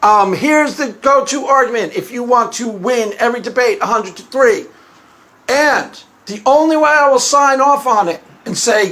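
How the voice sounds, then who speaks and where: A man with a notably high voice talks through a loose, rambling commentary. He repeats himself, chuckles often and keeps a casual, offhand tone. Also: normal speed, sharp tone. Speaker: YouTube commentator. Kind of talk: casual monologue.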